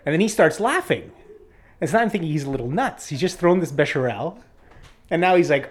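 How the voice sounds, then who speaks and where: A man, casually telling an anecdote from his school days in a chatty, animated way. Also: on the high side, quick pace. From Montreal. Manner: chatty, animated retelling with acted quotes. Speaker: storyteller.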